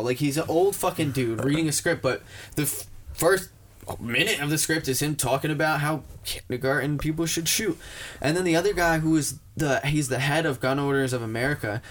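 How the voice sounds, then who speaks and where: A man's voice: on the high side, a little fast, a bit bright, a little hiss or hum. A man chatting casually as podcast co-host, telling stories animatedly with slang and swearing. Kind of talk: casual chat.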